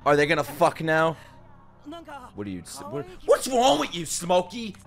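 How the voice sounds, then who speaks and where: A man reacting to an anime episode, talking back at the screen in excited bursts, joking, swearing and laughing. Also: fairly high pitch, normal speed, gravelly, faint music behind. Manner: excitable, shouting outbursts and swearing; jokey running commentary, laughs often. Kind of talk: live reaction commentary.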